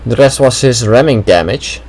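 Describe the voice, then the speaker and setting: A man's voice: mid-range voice, moderate pace, a little mellow, slight background noise, rough recording. Casual man commenting on a game replay. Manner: casual, chatty, thinking aloud with many "well"s. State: slight throat trouble. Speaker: gameplay commentator.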